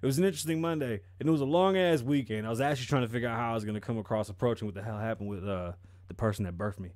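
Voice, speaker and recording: A man's voice: medium pitch, racing, a little mellow, dry recording. A man giving profane, sarcastic commentary on a news story. He mocks the story and fires off rhetorical questions. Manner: mocking, rhetorical questions, breaks off to laugh. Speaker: commentary vlogger.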